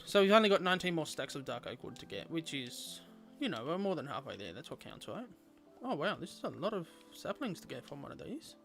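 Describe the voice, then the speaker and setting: A man's voice: on the high side, big pitch swings, brisk, gravelly, fairly bright tone, soft background music. A young man chatting playfully with viewers while streaming a game. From Australia. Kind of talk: casual gameplay livestream chat.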